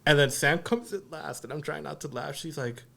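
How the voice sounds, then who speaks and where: A man's voice: a little high, normal speed, creaky, very noisy. A man co-hosting a podcast about film, chatting casually and playfully, joking and acting out quotes as he retells set stories. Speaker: podcast co-host and filmmaker. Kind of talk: casual chat.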